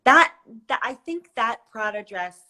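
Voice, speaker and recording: A woman's voice: on the high side, a little slow. Wry, joking woman guest. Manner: wry, joking, animated storyteller. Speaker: actress and guest. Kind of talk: casual chat. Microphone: phone.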